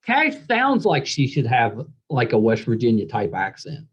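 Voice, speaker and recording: A man hosting a podcast interview, friendly and quick to laugh, nodding along with short replies. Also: mid-range voice, huge pitch swings, husky, lo-fi sound. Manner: friendly, laughs often, fills with yeah. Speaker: podcast host. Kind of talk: casual interview chat.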